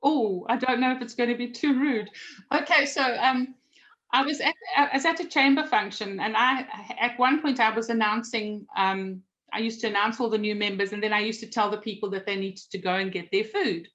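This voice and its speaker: Chatty South African woman, slightly high. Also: brisk, a bit bright, muffled recording. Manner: chatty, self-deprecating, laughs while telling stories. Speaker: guest, magazine publisher. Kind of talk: casual interview storytelling.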